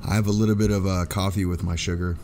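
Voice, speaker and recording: A chatty male streamer with a somewhat low voice talks back to his viewers' messages at a home desk mic. His throat is a little sore and he coughs now and then. Noticeable hiss and background noise run under the stream audio. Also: flat delivery, fast. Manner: chatty, answers viewer chat aloud. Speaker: live streamer. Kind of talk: casual live-stream chat.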